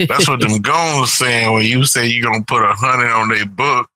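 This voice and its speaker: A man co-hosting a podcast in loose, animated casual chat. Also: mid-range voice, normal speed, rough recording. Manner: loose and animated, laughing often. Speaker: podcast co-host.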